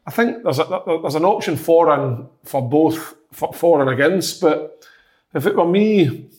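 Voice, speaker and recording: A man's voice: fairly high pitch, expressive, a little slow, darkish tone. A man with a Scottish accent giving his football views in casual podcast chat, repeating words as he thinks. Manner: thoughtful, repeats words as he works out his point. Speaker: football pundit.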